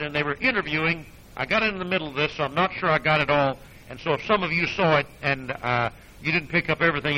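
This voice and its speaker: A man preaching a sermon as a Baptist preacher, emphatic, swinging from loud declarations to low asides, with folksy, sarcastic storytelling. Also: low-quality recording.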